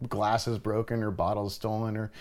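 A young adult man, a bartender, telling a story in casual chat, swearing freely and loudly acting out what he said. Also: on the low side, moderate pace. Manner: animated, swears freely, loudly acts out his own quoted lines.

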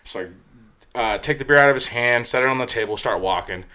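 A man spinning a rowdy bar story in relaxed conversation, cursing often and leaning on filler words as he goes. His voice sits at an ordinary middle pitch, neither high nor low. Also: brisk. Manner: profane, animated storytelling with many fillers. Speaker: storyteller recounting his bouncer work. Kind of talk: casual chat.

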